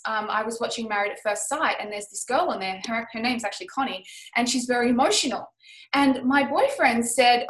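A woman's voice: fairly high pitch, echoey room, poor audio. A woman leading a casual group discussion, talking in an earnest, emphatic way and acting out the lines she quotes. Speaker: group facilitator.

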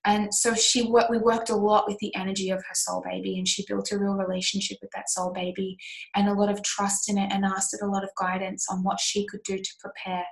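A woman speaking at an ordinary mid pitch, leading a course as a healing coach. Her delivery is soft and sincere. She wanders through her thoughts with fillers and self-corrections, like someone recounting a session from memory. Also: monotone, fairly quick, low-quality recording. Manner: soft, earnest, rambling with frequent fillers and restarts. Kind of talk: teaching a course, telling a client story.

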